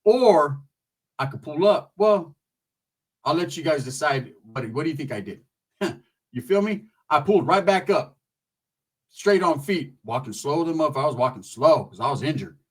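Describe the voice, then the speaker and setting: Husky-voiced man telling a street story. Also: fairly high pitch, normal speed, recorded from a distance, rough recording. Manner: profane, streetwise slang, animated. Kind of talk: casual storytelling.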